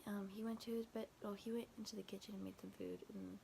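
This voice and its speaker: A young woman vlogger talks fast in a sing-song, dark, medium-pitched voice as she casually recounts a scary night. She keeps quoting texts with "I was like" and "he's like," rambling, full of fillers and restarts, with slight background noise.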